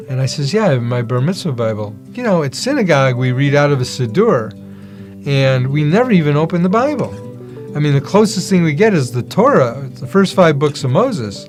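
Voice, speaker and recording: A man's voice: a little high, expressive, fairly quick, a little mellow, soft background music. Man telling his testimony. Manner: storytelling, acts out quoted voices. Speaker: testimony speaker. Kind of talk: personal testimony.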